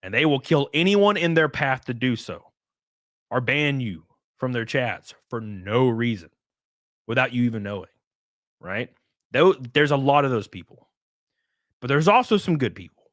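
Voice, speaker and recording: Male streamer, lively pitch, dry close sound, loose chatty delivery with swearing and laughs. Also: moderate pace, long pauses, dry recording. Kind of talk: casual live-stream chat.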